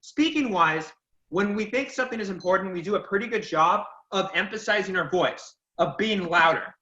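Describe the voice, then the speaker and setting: A man's voice: high-pitched, normal speed, bright, forceful tone. A man teaching a public speaking class, giving feedback and recapping the lesson in an encouraging, emphatic way. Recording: lo-fi echoey room audio.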